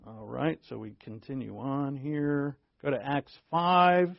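Gravelly, conversational male preacher. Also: mid-range voice, steady tone, slow pace, dry recording, dull audio. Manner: conversational, self-interrupting, playful asides. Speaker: pastor. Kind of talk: sermon.

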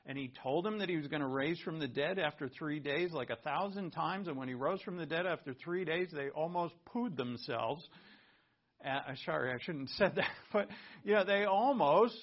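A man preaching a sermon in a lively, conversational way, with asides and laughter between points. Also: a little high, moderate pace, muffled recording. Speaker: pastor.

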